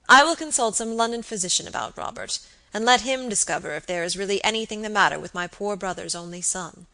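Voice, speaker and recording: A woman's voice: mid-range voice, lively intonation, fast talker, gravelly, sharp tone. A woman reading the part of a fond, anxious elderly baronet, with earnest, affectionate pleading. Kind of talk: audiobook character reading.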